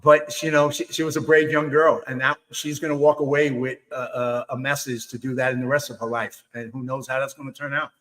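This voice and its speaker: A man from New York hosting a webinar, telling stories in a casual, animated way with frequent restarts and "you know.". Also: medium pitch, brisk, hardly any pauses, low-quality recording. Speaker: webinar host. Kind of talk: casual storytelling chat.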